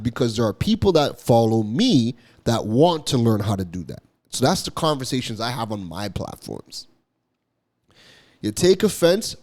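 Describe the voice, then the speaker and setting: A man's voice: mid-range voice, a little mellow. Toronto guy doing a marketing vlog, keeps repeating himself, voice jumps up and down a lot. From Toronto, Canada. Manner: emphatic, repeats phrases, frequent "right?". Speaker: marketing content creator. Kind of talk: direct-to-camera commentary.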